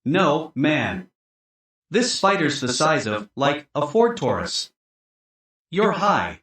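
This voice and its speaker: A man puts on a laid-back stoned young dude, talking loudly and bluntly. The voice sits a touch high and swoops all over. It comes from a distance in an echoey room. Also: big pitch swings, takes it slowly, full character voice. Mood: incredulous.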